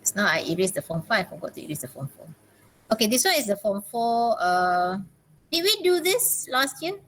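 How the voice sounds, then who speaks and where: Teacher, woman, slightly high voice, encouraging, says "okay" a lot. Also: sing-song, brisk, a bit bright, slight background noise. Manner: encouraging, frequent "okay" and laughs. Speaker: English teacher. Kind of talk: online class teaching.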